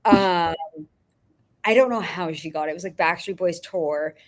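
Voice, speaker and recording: A woman's voice: lowish voice, moderate pace. A woman filmmaker guest on a podcast, telling profane, rambling anecdotes and often laughing. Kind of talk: casual storytelling.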